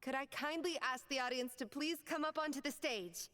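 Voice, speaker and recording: A woman's voice: sits high, normal speed, a bit bright, long reverb tail. An actress playing a polite woman announcer at a ballet, who speaks formally and graciously.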